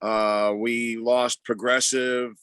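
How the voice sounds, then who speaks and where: A man's voice: medium pitch, little pitch movement, slow pace, fairly bright tone, clean tone, no room sound. A man as a podcast guest in casual chat, making wry, quippy remarks.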